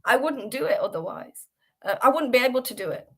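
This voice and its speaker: A woman's voice: sits high, expressive, brisk. A woman from the United Kingdom hosting a devotional class on a livestream, talking earnestly with many fillers and restarts. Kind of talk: casual devotional livestream talk.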